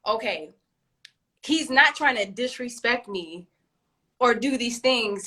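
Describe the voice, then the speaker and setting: A woman's voice: a little high, bright, forceful tone. A woman in her thirties from Brooklyn with a New York accent, co-hosting a casual talk show and acting out scenes with swearing and laughter. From East New York, Brooklyn. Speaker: podcast co-host. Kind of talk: casual chat.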